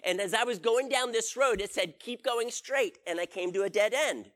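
A man's voice: high-pitched, brisk, a bit bright. A man giving a conversational sermon as a preacher, telling stories and putting questions to his audience. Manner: storytelling, asks the audience questions.

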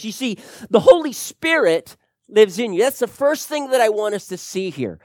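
A man preaching a sermon to his church, dropping to a hush and then building to loud, emphatic points. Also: high voice, big pitch swings, measured pace, no echo, studio quality. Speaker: pastor.

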